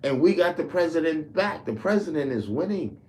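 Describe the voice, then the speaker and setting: A man's voice: on the high side, expressive, normal speed, a little mellow, a little hiss or hum. A man ranting heatedly to camera, profane and rambling. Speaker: commentator. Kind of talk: political rant to camera.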